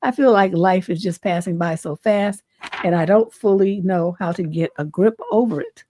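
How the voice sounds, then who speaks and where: A woman's voice: on the low side, normal speed, dark tone, slight background noise. A middle-aged woman hosting a livestream advice show, reading a viewer's letter and then giving frank, folksy advice. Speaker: relationship advice host.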